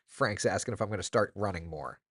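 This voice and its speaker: A man's voice: fairly low pitch, fairly quick, fairly bright tone, no echo, studio quality. A man in his thirties hosting a casual morning chat, rambling and joking with lots of restarts. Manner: rambling, restarts a lot, jokey. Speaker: TV meteorologist host. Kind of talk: casual live-stream chat.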